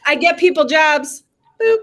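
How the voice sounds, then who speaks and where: Woman on a group call, playful quips, bouncy high voice. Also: expressive, a bit bright. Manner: playful, chiming in with quick quips. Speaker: participant on a training call. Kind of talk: casual group banter.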